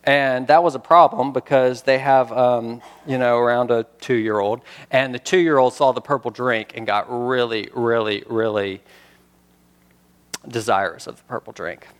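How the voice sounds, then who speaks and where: A man's voice: mid-range voice, fairly even intonation, measured pace, big-room sound. A man preaching a sermon, reading scripture and talking in a conversational way with rhetorical questions. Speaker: pastor.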